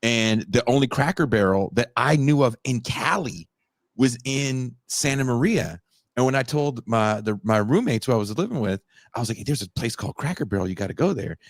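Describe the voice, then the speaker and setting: A young man riffing on a casual podcast, loud and profane. His pitch swings widely as he tells stories. The mic is close and the sound is dry. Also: brisk, no room sound. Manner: animated, profane, laughs and shouts often. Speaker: podcast co-host. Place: home in Mexico.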